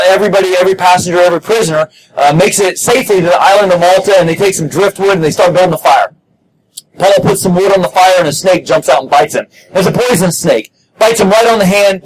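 A man preaching a sermon in a church, emphatic and repetitive, rising to shouted peaks with frequent restarts. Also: high-pitched, a little hiss or hum, poor audio. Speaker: pastor.

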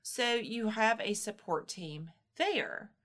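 A woman's voice: medium pitch, lively intonation, slow, a bit bright. A woman co-hosting a casual podcast and walking listeners through postpartum health. She explains patiently and reassuringly, and now and then voices a new mom's thoughts to make her point. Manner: explanatory, reassuring, acts out moms' inner voices.

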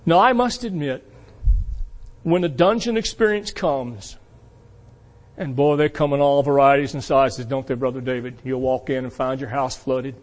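A man preaching a sermon to his congregation, emphatic and asking them rhetorical questions, swinging between loud peaks and quiet asides. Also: medium pitch, fairly even intonation, moderate pace. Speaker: pastor.

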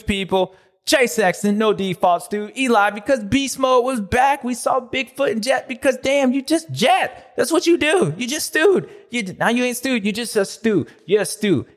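A man hosting a racing recap show in a jokey, slangy, excitable way. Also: high voice. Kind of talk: comedic recap commentary.

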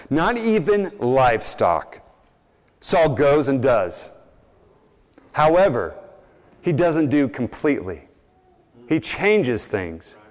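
A young man preaching a sermon, telling stories and acting out the people he quotes. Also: mid-range voice. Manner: animated storytelling, acts out quoted voices. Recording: long reverb in a large hall.

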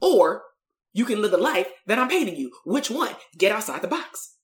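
A woman's voice: mid-range voice, sing-song, normal speed, roomy sound. A woman, a coach and therapist telling a story in a blunt, emphatic live-streamed motivational talk.

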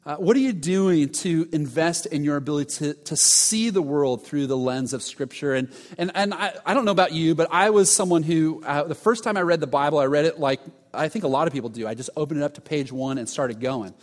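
Pastor preaching in a reverberant hall. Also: male voice, fairly high pitch, a little fast, hardly any pauses. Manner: storytelling with dramatic drops to a hushed voice. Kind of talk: sermon.

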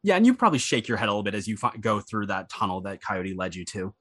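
A man narrating a tabletop role-playing game as game master in a relaxed, rambling way, often correcting himself mid-sentence. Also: on the low side, fast. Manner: relaxed, rambling, with frequent ums and self-corrections.

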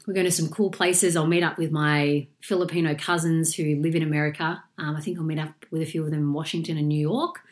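Low-voiced Australian woman with a chesty cold. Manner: chatty and upbeat, with frequent fillers. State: sick with a chesty cough. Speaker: podcast host and coach. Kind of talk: casual solo podcast chat.

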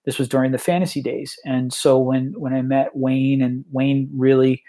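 A man of middling pitch chatting as a podcast guest about running tabletop game events. He rambles through restarts and fillers, then picks up energy as he retells his stories. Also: normal speed. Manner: animated when retelling stories. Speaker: tabletop tournament organizer, guest. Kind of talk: casual podcast conversation.

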